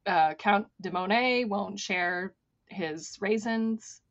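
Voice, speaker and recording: A woman's voice: medium pitch, slow, dull audio. A woman co-hosting a podcast, chatting enthusiastically about a film and quoting its lines. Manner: enthusiastic, quotes lines in playful voices. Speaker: podcast co-host. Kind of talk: casual film discussion.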